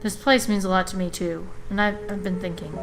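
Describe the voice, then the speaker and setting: Woman reading a quiet young man from a game, earnest and hesitant, lower than her own voice. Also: steady tone, a little fast, over music, natural voice. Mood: tender.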